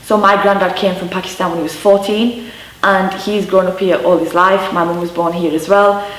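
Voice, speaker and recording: A woman's voice: fairly low pitch, fairly even intonation, moderate pace. A woman in her twenties with a Yorkshire accent, chatting candidly about growing up, with lots of "you know" and "um". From Yorkshire, England. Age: 20s. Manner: chatty, warm storytelling with many fillers. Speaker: interviewee. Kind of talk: candid personal recollection. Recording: roomy sound from a mic at a distance.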